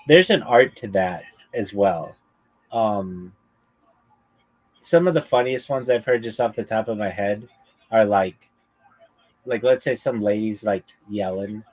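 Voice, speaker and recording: A man's voice: on the low side, lively intonation, slow pace, pauses often. A man hosting a livestream, chatting casually about stand-up comedy, rambling with many fillers and acting out crude comebacks. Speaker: livestream host.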